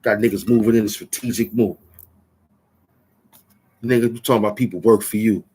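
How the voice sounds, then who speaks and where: A man's voice: fairly low pitch, steady tone, fairly quick, darkish tone, slightly rough. A man hosting his own channel, taunting and boasting in a rambling trash-talk rant. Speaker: channel host. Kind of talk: trash-talking rant at the camera.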